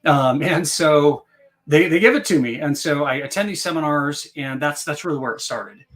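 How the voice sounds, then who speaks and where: A man's voice: a little high, normal speed, a bit bright. A man telling his story as a podcast guest in a casual, rambling way, full of fillers and restarts. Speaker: podcast guest, real estate investor.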